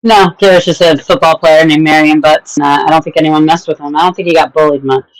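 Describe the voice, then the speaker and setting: Chatty woman from Southern California, quick to laugh, casual group talk. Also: deep voice, steady tone, dry recording, rough recording. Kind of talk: casual chat among friends.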